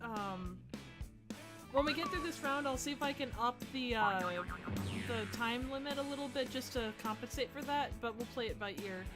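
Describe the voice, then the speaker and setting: A woman's voice: on the high side, normal speed. A woman from the American Midwest hosting a game livestream in casual chat, talking loosely with many fillers and restarts. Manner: chatty, lots of fillers and restarts. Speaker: game host. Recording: music playing behind.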